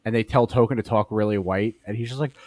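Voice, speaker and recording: A man's voice: lowish voice, fairly even intonation, quick pace, darkish tone, no room sound. A man co-hosting a comedy podcast, telling rambling, profane stories in crude, casual banter. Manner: profane, rambling storyteller, trails off mid-sentence. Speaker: podcast co-host.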